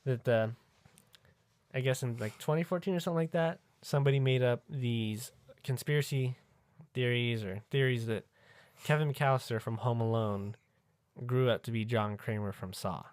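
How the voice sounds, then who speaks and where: A man's voice: medium pitch, moderate pace, darkish tone, no echo. A man co-hosting a podcast, chatting casually in a crude, joking way and laughing often. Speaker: podcast co-host. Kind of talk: casual chat.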